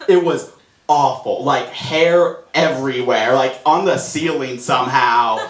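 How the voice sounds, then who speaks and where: A young man performing a self-mocking stand-up routine on a comedy club stage, excitable and quick to laugh at himself, with audience laughter behind him. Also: mid-range voice. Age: young adult. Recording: echoey live room, audience noise.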